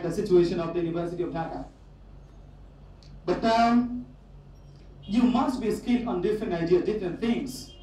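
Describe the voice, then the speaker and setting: A man's voice: high voice, a little mellow. A man from Bangladesh with a Bangladeshi accent, giving a motivational speech to students and repeating his key phrases for emphasis. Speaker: guest speaker addressing students. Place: large echoey university hall. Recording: echoey hall, distant mic, faint background noise.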